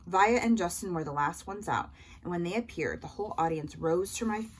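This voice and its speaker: A woman reading a children's novel aloud in a lively first-person voice. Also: on the low side, brisk, breathy edge, low-quality recording. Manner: lively first-person narration as a young boy. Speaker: audiobook reader.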